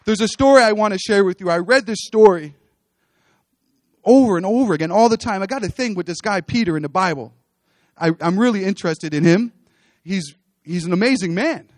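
A man's voice: high-pitched, expressive, brisk, dry recording, clean studio sound. A man with children giving an earnest testimony sermon on a church stage, repeating his phrases as he builds toward exhortation. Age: adult, with children.

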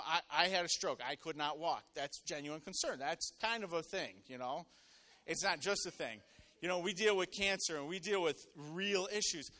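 A man's voice: high-pitched, pushed and bright. A man preaching a casual, conversational sermon to a congregation, telling everyday stories and asking the room to respond. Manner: conversational, storytelling, calls on congregation. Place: church hall with congregation.

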